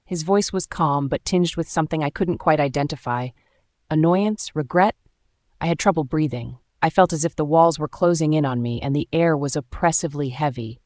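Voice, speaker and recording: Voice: mid-range voice, normal speed, darkish tone, no echo. A narrator reading a first-person romance story aloud with dramatic, emotional delivery.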